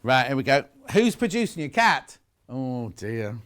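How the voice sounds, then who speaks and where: A man's voice: medium pitch, sing-song, measured pace, fairly bright tone. A man presenting live shopping television, chatting and bantering with his co-workers. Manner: chatty, bantering, chuckling asides.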